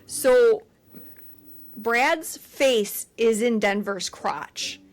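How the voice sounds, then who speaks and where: A woman's voice: on the high side, very slow. A woman co-hosting a podcast, casually recapping a film scene with quoted lines, fillers and laughter. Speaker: podcast co-host. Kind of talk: casual movie recap chat.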